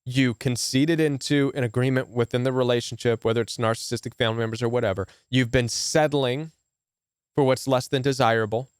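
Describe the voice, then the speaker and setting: A man's voice: medium pitch, fairly even intonation, a little fast, smooth, no room sound, studio quality. A man speaking as a relationship coach in emphatic commentary to camera, often asking rhetorical questions. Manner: emphatic, repetitive, asks rhetorical "right?".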